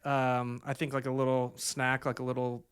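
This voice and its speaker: A man's voice: medium pitch, completely flat delivery, moderate pace, clear, resonant tone. A young man co-hosting a podcast, telling stories in a rambling way with lots of hesitant fillers. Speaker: podcast co-host. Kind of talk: casual chat.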